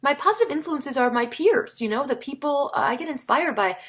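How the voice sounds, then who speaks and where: A chatty woman talks straight to the camera in a casual vlog. Her voice sits fairly high, and she keeps it lively, leaping up in pitch to stress a word. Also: a little fast. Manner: animated, chatty, jumps in pitch for emphasis. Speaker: vlogger, comedian and solo performer.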